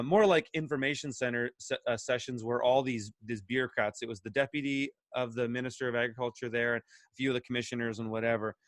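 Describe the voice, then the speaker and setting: A man and farmer, talking in an animated, excited way, full of restarts and emphatic questions. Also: medium pitch, no room sound. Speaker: guest, urban farmer. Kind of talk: animated casual discussion.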